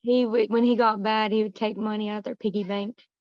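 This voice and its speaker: A woman as a client, answering questions quietly in short matter-of-fact replies. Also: medium pitch, level tone, fairly quick, dry recording, dull audio. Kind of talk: casual conversation.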